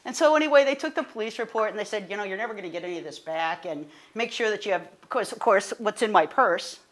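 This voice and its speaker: A woman, a guest speaker telling a personal story in an animated, conversational way, full of fillers and self-corrections. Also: medium pitch, quick pace. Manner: animated, rising to indignant.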